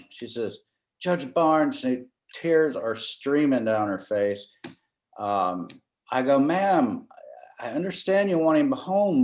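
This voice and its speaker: A man's voice: medium pitch, darkish tone. A middle-aged man, a trial lawyer and former county judge, relaxes into a long anecdote in an interview and often quotes himself. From Florida. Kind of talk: storytelling in a conversational interview. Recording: roomy echo.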